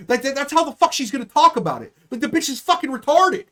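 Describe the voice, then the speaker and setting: A man's voice: extremely high pitch, big pitch swings, quick pace, hardly any pauses, fairly bright tone. A male comedian hosting a live-streamed podcast, ranting heatedly and swearing freely.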